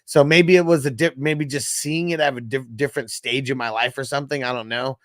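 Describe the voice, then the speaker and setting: A man's voice: medium pitch, steady tone, a little fast, a bit bright, no echo, clean studio sound. A young man hosting a casual livestream, reading out chat comments in a loose, rambling way and swearing freely. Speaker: host.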